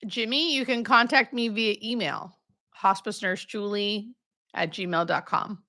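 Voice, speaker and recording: A woman in her thirties chats on a livestream from home, welcoming viewers one by one and joking at her own expense. Her voice is clear and bright, at a middle pitch for a woman. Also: a little slow. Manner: chatty, greets viewers by name, self-deprecating asides. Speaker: hospice nurse and livestream host. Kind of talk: casual live Q&A chat.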